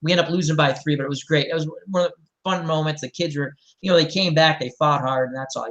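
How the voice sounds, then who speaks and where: A man's voice: on the high side, fast talker, lo-fi sound. A middle-aged man, hosting a casual chat and telling rambling anecdotes. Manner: animated, rambling anecdotes with mimicked voices. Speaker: host.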